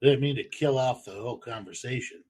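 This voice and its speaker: A man's voice: mid-range voice, fast, darkish tone, husky. A man telling stories in a loose, rambling and profane way as host of a casual chat show. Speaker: podcast host.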